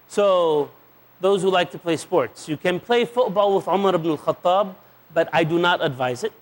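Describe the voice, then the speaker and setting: Playful high-voiced male preacher. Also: moderate pace. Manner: playful storytelling, acting out little dialogues; sprinkles Arabic religious phrases into English. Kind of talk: humorous sermon to a live audience.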